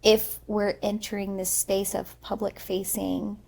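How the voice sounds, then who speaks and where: Brief: young woman podcast co-host, emphatic and animated, breathy with vocal fry. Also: mid-range voice, measured pace. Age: young adult. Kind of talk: casual emotional chat.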